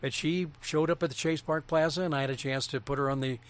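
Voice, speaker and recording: A veteran broadcaster and former TV interviewer earnestly reminisces in casual chat about people he met during his career, with small restarts along the way. He speaks at a quick pace in a fairly high, steady voice.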